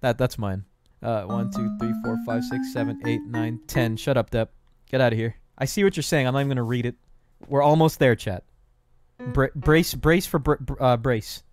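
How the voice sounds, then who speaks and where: Rambling, self-mocking young streamer. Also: male voice, mid-range voice, normal speed, faint music behind. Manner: jokey rambling, self-mocking asides to chat; counts out loud under his breath. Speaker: gaming streamer. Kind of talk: casual live-stream commentary while building.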